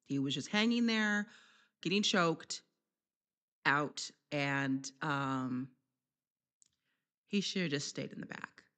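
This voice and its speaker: A woman giving a casual, chatty wrestling recap vlog, laughing often and filling pauses with slang and ums. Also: low-pitched, fairly bright tone.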